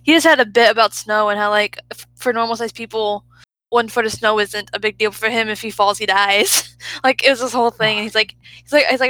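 A woman's voice: mid-range voice, steady tone, fast, pushed and bright, dry recording, poor audio. A woman in casual chat who swears freely, laughs often and trails off mid-sentence.

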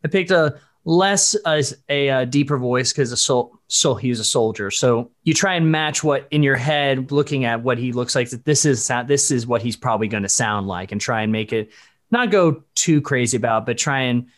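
A voice actor from the Dallas-Fort Worth area, USA, is a guest in a casual podcast interview. He rambles in a stop-start way, correcting himself as he goes and laughing often. His voice is mid-range at a normal speed.

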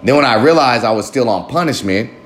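A man's voice: mid-range voice, animated, brisk. A man talking candidly to camera in a rambling, self-reflective monologue, swearing freely and often laughing at himself. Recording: roomy echo with faint ambience.

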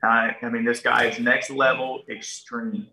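A man's voice: mid-range voice, unhurried, gravelly, roomy sound, far from the mic, rough recording. Folksy man. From Ohio, USA. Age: 30s. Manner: folksy, animated, acts out other people's lines. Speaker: guest. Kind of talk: casual storytelling.

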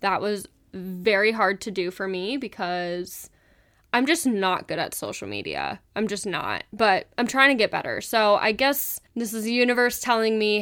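A young woman hosts her own podcast, chatting away frankly and casually. Her voice is smooth and clear, she swears without a second thought and breaks into laughter often. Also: medium pitch, sing-song, normal speed, a bit bright. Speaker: podcast host.

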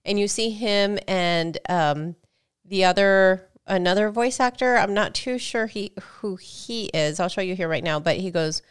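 Smooth-voiced woman podcast co-host. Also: mid-range voice, measured pace. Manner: chatty, tells stories with quoted dialogue. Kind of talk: casual chat.

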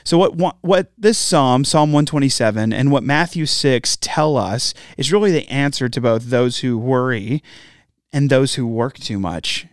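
A man's voice: mid-range voice, measured pace, clear, resonant tone, no echo, studio quality. A man giving an earnest, conversational devotional talk as a pastor. He often asks his listeners direct questions and tags his points with "right?".

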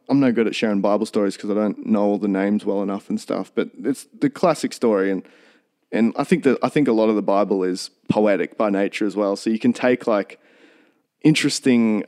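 A man's voice: fairly low pitch, darkish tone. A man co-hosting a podcast, talking earnestly in a rambling, casual way with many restarts. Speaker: podcast co-host.

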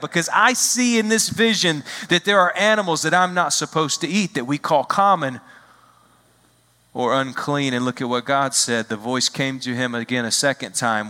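A man with a fairly high, bright and forceful voice preaches a sermon as a visiting pastor. He acts out the quoted lines and drags out key phrases for emphasis. His voice rings through a large hall with a long reverb. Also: normal speed.

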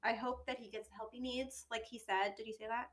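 Bright, giggly young woman co-host. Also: on the high side, fairly even intonation, fairly quick. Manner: giggly, hedging with fillers. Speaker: podcast co-host. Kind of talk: casual chat.

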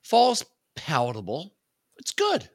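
A man's voice: fairly high pitch, takes it slowly, no echo, clean studio sound. A man from Southern Illinois co-hosting a podcast, bantering casually and swearing freely. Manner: lively, profane banter. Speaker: podcast co-host. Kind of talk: casual chat.

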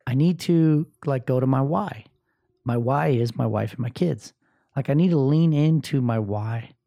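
A man's voice: mid-range voice, unhurried, gravelly, dark tone, lo-fi sound. A man in his thirties hosting a podcast, talking bluntly and with a lot of swearing and filler words in a rambling motivational monologue. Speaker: podcast host.

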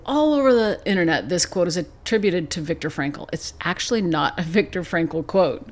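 A woman's voice: lowish voice, expressive, normal speed, hardly any pauses. Middle aged woman doing a solo podcast, chatty and reflective, just telling a story. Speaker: podcast host.

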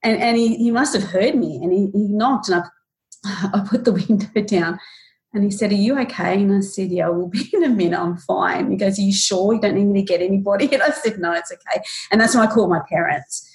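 A woman in her forties, a podcast guest, retelling a painful personal story in a halting, emotional way with many restarts, raising her voice when she acts out what people said. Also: mid-range voice, a little mellow. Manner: acts out quoted lines in a raised voice.

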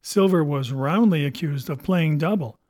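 Male audiobook narrator, measured expressive storytelling, mellow tone, dry close sound. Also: on the high side, no echo. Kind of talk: first-person storybook narration.

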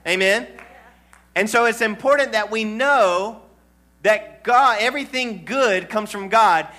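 A man's voice: high-pitched, measured pace, pushed and bright. A male pastor preaching a sermon to a congregation in church, calling for amens and asking the room questions. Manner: call-and-response preaching to a congregation.

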